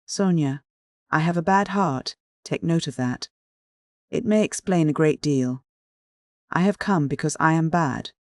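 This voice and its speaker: A reader gives us a tormented young man pouring out a confession in anguish. The voice sits at a middle pitch, rising in despair. It is recorded close and dry, with no room sound. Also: measured pace, dry recording, natural voice. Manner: pleading, despairing dialogue. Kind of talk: audiobook character dialogue.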